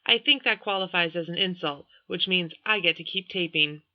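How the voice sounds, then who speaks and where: A woman's voice: lowish voice, normal speed, no room sound, lightly acted. A woman voicing an earnest teenage boy who speaks directly and with some exasperation, in a dull lo-fi recording. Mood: wry.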